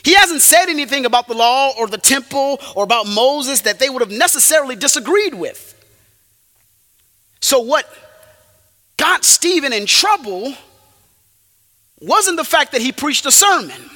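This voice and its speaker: A man delivers a sermon in a bright, high voice that climbs and dips with wide, lively swings. He presses his points hard, then drops low for asides. His words ring out with the long reverb of a hall. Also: normal speed, long pauses. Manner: emphatic, rises and drops sharply for effect. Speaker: preacher.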